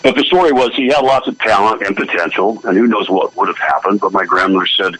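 Husky-voiced man telling stories. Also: fairly low pitch, fast, a bit bright, poor audio. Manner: easygoing storyteller, laughs often. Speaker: guest musician. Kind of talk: casual radio chat.

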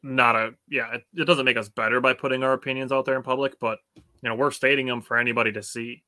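A man's voice: mid-range voice, fairly even intonation, fast talker, pushed and bright, no room sound. A man co-hosting a sports podcast in casual chat, rambling and padding his points with "you know".

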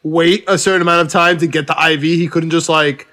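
A young man chatting casually about sports picks. His voice is high and bright for a man. He talks in loose, rambling runs full of fillers and laughs often. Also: fairly even intonation, brisk. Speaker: podcast co-host.

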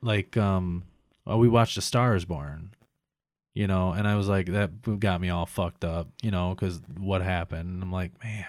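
A man's voice: sits low, steady tone, a little slow, no room sound, studio quality. Profane, rambling man in his thirties. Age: 30s. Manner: rambling, profane, self-mocking. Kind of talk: casual chat.

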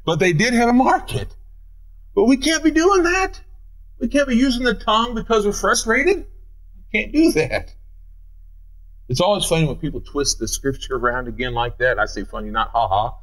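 A man's voice: fairly bright tone, low-quality recording. Middle-aged midwestern guy preaching in church, voice swoops up and down a lot. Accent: Midwestern American. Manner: impassioned preaching with big pitch swings. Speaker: pastor. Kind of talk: sermon. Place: church sanctuary.

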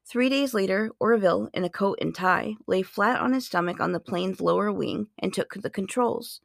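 40ish woman podcaster, super gravelly fry, dry close sound, jokey and chatty. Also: mid-range voice, moderate pace, dry recording. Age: 40s. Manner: playful, chatty, sarcastic asides. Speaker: podcast host. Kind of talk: casual fact-sharing monologue.

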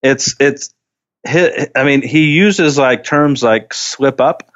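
Halting male co-host, slightly muffled sound. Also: mid-range voice, a bit bright. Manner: halting, with many restarts and fillers like "like". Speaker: podcast co-host. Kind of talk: casual chat recapping a TV show.

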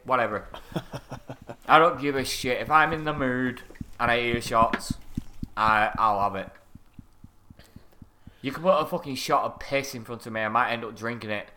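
A man with a bright, forward voice and a middling pitch. He talks in animated, profane banter and laughs readily along the way. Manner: animated, sweary, quick to laugh. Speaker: co-host. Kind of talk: casual banter.

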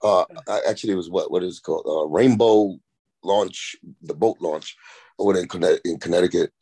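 A man's voice: low-pitched, brisk, breathy edge. A man, a rapper and podcast guest, telling rambling, profane stories in a casual chat. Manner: rambling, profane, animated anecdotes.

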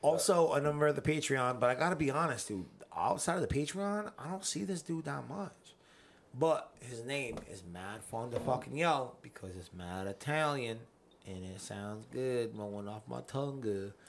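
A man hosting a podcast in casual, profane chat, getting excited and yelling out names. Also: mid-range voice, normal speed, a little hiss or hum. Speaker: podcast host.

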